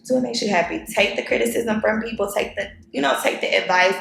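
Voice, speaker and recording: A woman's voice: a little high, fast talker, creaky, few pauses, fairly bright tone, slight background noise. A young woman vlogging about her nursing work in a loose, chatty way, full of fillers and restarts. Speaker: nurse vlogger. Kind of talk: casual chatty vlog. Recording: roomy echo.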